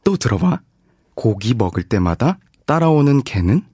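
A man's voice: mid-range voice, sing-song, rapid-fire, dark tone, husky, no room sound, studio quality. A young man playing an eager, pushy guy who is pleased with himself for telling corny puns in a scripted lesson dialogue. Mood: playful boasting.

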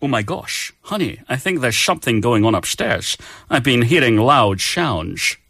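A man's voice: medium pitch, big pitch swings, moderate pace, vocal fry, sharp tone, husky, no room sound, studio quality, heavily acted. A man doing a startled neighbor in a mock Sean Connery voice. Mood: worried. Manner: mock Sean Connery accent while reading dialogue. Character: person in a skit worried about noises upstairs. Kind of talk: role-played example dialogue.

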